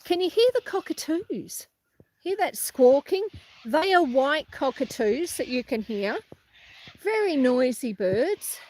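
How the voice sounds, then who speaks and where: A middle-aged woman reads her viewers' comments during a casual livestream as she walks around her farm outdoors. Her high-pitched voice makes big pitch swings at a measured pace, and she's chatty and warm, laughing frequently.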